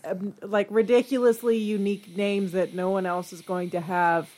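A woman co-hosting a casual podcast chat, relaxed and chatty. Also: mid-range voice, normal speed. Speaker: podcast co-host.

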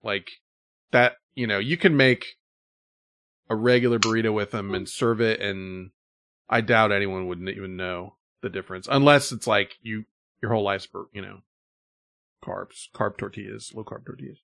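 A man's voice: lowish voice, steady tone, moderate pace, gravelly, fairly bright tone, dry recording. A man hosting a podcast in casual chat, rambling with many fillers as he sets up stories. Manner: rambling, filler-heavy storytelling. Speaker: podcast host.

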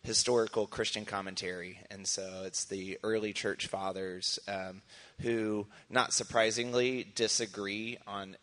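A man preacher answering questions in church, relaxed and a little hesitant as he talks through his study habits. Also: lowish voice, measured pace.

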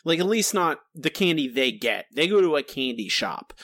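A man's voice: on the high side, sing-song, moderate pace, fairly bright tone, dry recording. A man co-hosting a podcast, playfully sarcastic and mock-explaining jokes. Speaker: podcast co-host. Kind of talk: casual chat. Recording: dry podcast mic.

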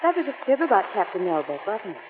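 An actress in a 1940s radio play voicing an earnest, emotional young wife who speaks from the heart. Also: female voice, medium pitch, sing-song, fast, slight background noise, natural voice. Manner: earnest, heartfelt, scolding tenderly. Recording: tinny old radio broadcast with reverb.

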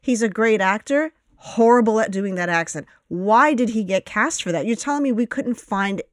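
A woman's voice: fairly high pitch, expressive, normal speed, no echo, studio quality. A woman co-hosting a casual film review podcast, blunt and opinionated, with the odd swear. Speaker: podcast co-host.

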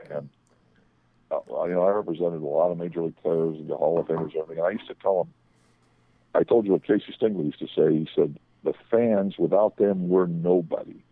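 A man's voice: deep voice, quick pace, warm tone, breathy edge, no room sound, low-quality recording. An older man, a sports agent, telling rambling anecdotes on a radio talk show, often restarting his sentences.

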